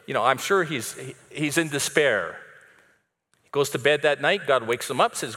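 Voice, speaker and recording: A pastor with a bright, ringing tone preaches a sermon in church. He tells the story with energy and acts out each character as he goes. Long church-hall reverb trails behind his voice. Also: medium pitch, expressive, normal speed.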